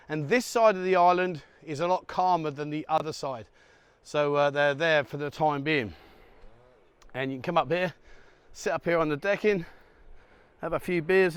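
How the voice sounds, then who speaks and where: Chatty high-voiced man vlogging. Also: fairly even intonation, normal speed, clean tone. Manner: chatty, jokey, addresses viewers directly. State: out of breath. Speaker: travel vlogger. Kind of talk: casual walking vlog. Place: outdoors on a hillside island resort.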